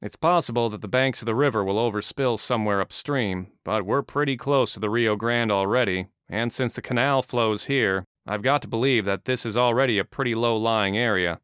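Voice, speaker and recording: A man voicing a calm, practical male agent who explains things in a measured way, in an audiobook. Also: lowish voice, smooth, dry recording, clean studio sound, close to an everyday voice.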